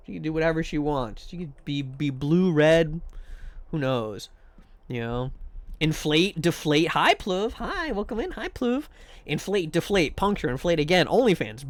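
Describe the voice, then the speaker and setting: Animated, wisecracking male streamer. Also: a little high, dry recording. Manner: joking, swearing, rambling, reacting loudly to chat. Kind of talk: casual live-stream commentary while gaming.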